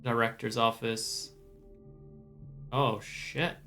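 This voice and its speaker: Male streamer, casual profane commentary, slightly strained throat, bright tone. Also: medium pitch, steady tone, very slow, soft background music. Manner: profane, joking, laughing asides. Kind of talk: casual let's-play commentary.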